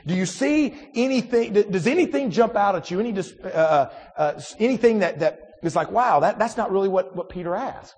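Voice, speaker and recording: A man delivers a sermon in a conversational manner, stumbling through restarts and asking his congregation questions. His voice is somewhat high and slightly husky. A long reverb trails behind his words, as in a large hall. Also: expressive, a little fast, few pauses, darkish tone. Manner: conversational preaching with many restarts and rhetorical questions. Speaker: pastor.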